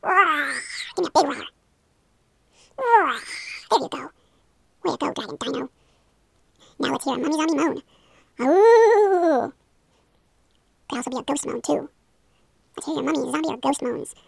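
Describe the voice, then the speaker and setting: A young woman guides a playful hypnosis role-play in a high, heavily fried, gravelly voice. She talks quickly, coaxing and encouraging the listener along, with a dry, close sound. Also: fairly even intonation, dry recording.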